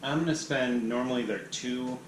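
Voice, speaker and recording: A man's voice: mid-range voice, normal speed. A man explaining game moves step by step, chatting casually at the table. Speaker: game player. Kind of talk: casual chat over a board game. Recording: echoey room with clear hiss.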